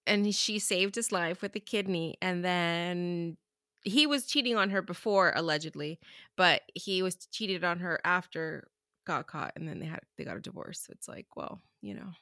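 A woman's voice: lowish voice, normal speed, sharp tone, dry recording, studio quality. A woman co-hosting a podcast in casual chat, telling stories animatedly with frequent "like" and easy laughs. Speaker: podcast co-host.

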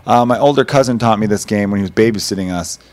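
Man in his thirties, podcast host, rapid-fire talk, profane, animated storyteller. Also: fairly low pitch. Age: 30s. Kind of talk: casual chat.

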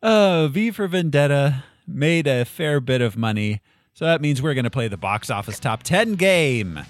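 A man's voice: mid-range voice, lively intonation, moderate pace, no room sound, studio quality. A man hosting a casual movie podcast, joking and laughing often as he talks. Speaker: podcast host.

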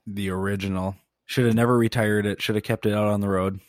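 Low-voiced agreeable podcast co-host. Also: male voice, steady tone, fast talker, dry recording. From Minnesota. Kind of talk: casual chat.

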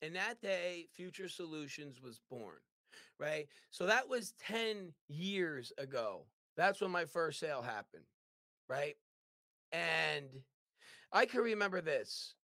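Bright-voiced, animated man telling his story. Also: on the high side, takes it slowly, no echo, studio quality. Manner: animated, tags lines with "right?". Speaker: business owner guest. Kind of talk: storytelling in an interview.

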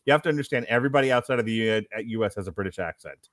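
A man's voice: on the low side, racing, no echo, studio quality. A man hosting a casual movie review podcast, reading out critic quotes and laughing often. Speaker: podcast host.

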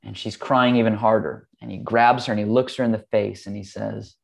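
A man's voice: fairly low pitch, steady tone, fairly quick, creaky, slightly rough. A man, a podcast guest, earnestly telling a long family story in a rambling way, with frequent ums. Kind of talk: casual storytelling.

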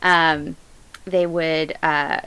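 A woman's voice: low voice, flat delivery, drawn-out words, pushed and bright, clear, resonant tone, poor audio. A woman hosting a true-crime podcast, telling the story in a casual, chatty way with lots of fillers. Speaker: podcast host.

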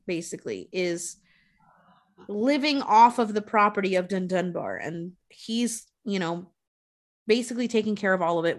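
A woman casually retelling a movie plot with frequent swearing, acting out the characters' lines. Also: medium pitch. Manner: profane, animated retelling with quoted voices.

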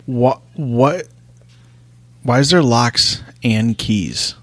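A man's voice: medium pitch, extremely slow, a little hiss or hum. A man co-hosting a podcast who teases and sarcastically interrupts his co-host in casual chat. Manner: teasing, sarcastic banter.

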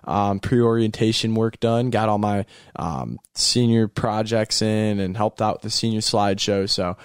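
A young man in his late teens co-hosting a casual chat, laid-back and tired, often pausing on fillers. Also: fairly low pitch, clear, resonant tone, no room sound, clean studio sound. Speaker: co-host.

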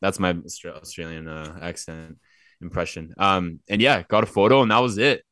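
A man's voice: low voice, steady tone, normal speed, fairly bright tone. A young man co-hosting a podcast, telling stories in a loose, rambling way with lots of fillers. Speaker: podcast co-host. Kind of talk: casual chat.

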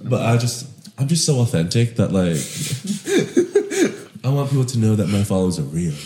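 A man's voice: on the low side, expressive, fast, warm tone, reverberant. A man talking as a podcast guest in casual chat, laid-back and full of fillers. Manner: laid-back, filler-heavy talk, laughs often.

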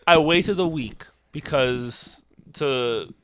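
A man's voice: mid-range voice, extremely slow, fairly bright tone, clear, resonant tone. A man hosts a casual podcast with a mid-range voice. He tells his stories in a loose, rambling way and swears freely. He also acts out both sides of the phone calls he describes. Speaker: podcast host.

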